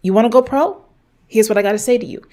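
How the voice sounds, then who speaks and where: Here a middle-aged woman on a fitness program lectures her audience head-on, her slightly high voice dark in tone and her pace quick. The advice is blunt and preachy, peppered with swearing, and she repeats lines for impact while speaking straight to viewers.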